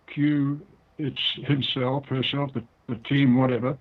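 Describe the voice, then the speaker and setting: A man's voice: mid-range voice, little pitch movement, unhurried. Older New Zealand man on a tinny phone line. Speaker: guest author. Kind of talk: interview over the phone.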